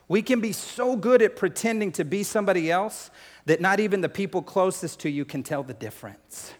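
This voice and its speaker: Pastor, male, higher voice, lively sermon delivery, long hall reverb. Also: a little fast. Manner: animated, acts out scripture scenes.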